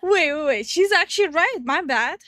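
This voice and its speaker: A young woman with a high, bright voice chats through a reaction stream, giggling often and talking in animated bursts. The sound is close and dry, with no room around it. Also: dry recording. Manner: giggly, animated, quick to laugh. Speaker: VTuber co-host. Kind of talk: casual reaction commentary.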